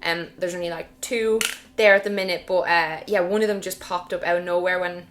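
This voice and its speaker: A young Irish woman with a fairly low but bright, forceful voice talks frankly while doing her makeup. Her chat is easy and candid, and she laughs readily. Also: steady tone, a little fast, a little hiss or hum. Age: young adult. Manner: chatty, laughs easily, frank. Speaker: guest vlogger. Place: indoors, getting ready.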